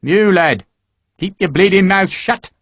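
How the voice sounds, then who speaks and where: A man reading an audiobook voices a bluff, hearty army sergeant who talks rough barrack-room slang with fondness for his recruits. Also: high voice, animated, measured pace, a bit bright, no room sound, studio quality, voice pushed up, exaggerated voice. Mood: gruff, fond. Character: bluff older male recruiting sergeant, gruff but fond.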